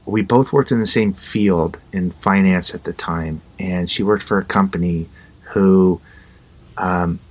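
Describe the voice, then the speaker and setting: A low-voiced man, appearing as an interview guest, tells a story conversationally at a slightly slow pace. He's animated and acts out both sides of the dialogue.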